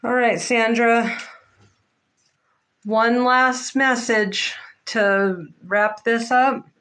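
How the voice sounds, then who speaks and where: A woman giving a live psychic tarot reading, halting and emotional, close to tears, with many fillers. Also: a little high, fairly even intonation, fairly bright tone, poor audio. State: near tears. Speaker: psychic reader.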